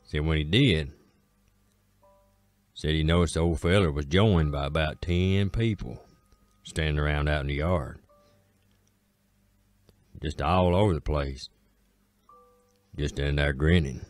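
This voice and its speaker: A man with an Appalachian accent telling a folk tale in a slow, drawling way, with dramatic pauses. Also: extremely low pitch, no room sound, soft background music. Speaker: storyteller. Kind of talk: folksy spoken storytelling.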